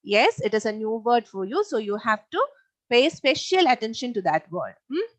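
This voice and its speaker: A woman's voice: a little high, big pitch swings, normal speed, dry recording, rough recording. A young woman teaching a live online science class, repeating key points and asking her pupils questions.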